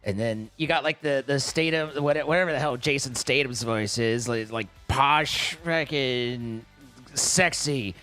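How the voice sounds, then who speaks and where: A man's voice: medium pitch, moderate pace, hardly any pauses, sharp tone, faint music behind. A man streaming live, chatting casually and rambling with many restarts and swear words for emphasis. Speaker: livestreamer.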